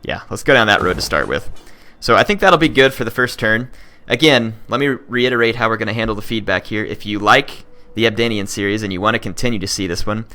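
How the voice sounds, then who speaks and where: A young man narrates his strategy game turn in a deep voice with a bright, pushing edge to it. He talks casually, thinking out loud, trailing off into ums and half-finished restarts. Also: fast, few pauses. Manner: thinking aloud, many fillers and restarts. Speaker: gaming channel host. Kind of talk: casual let's-play commentary.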